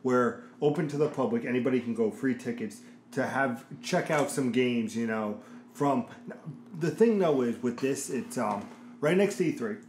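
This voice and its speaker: A man's voice: medium pitch, expressive, moderate pace, a little mellow. A man co-hosting a casual gaming chat, rambling and searching for words as he talks. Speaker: podcast co-host. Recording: echoey room, faint noise.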